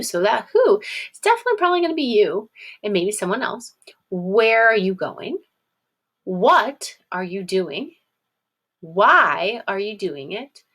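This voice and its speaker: A woman's voice: mid-range voice, a bit bright. Casual woman teacher sounding out words. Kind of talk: recorded video lesson for young children.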